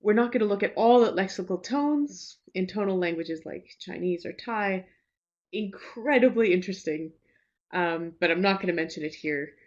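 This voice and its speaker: A woman teacher trainer giving a webinar presentation, relaxed and reassuring, with frequent fillers and restarts. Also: mid-range voice, normal speed. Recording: slightly dull lo-fi webinar audio.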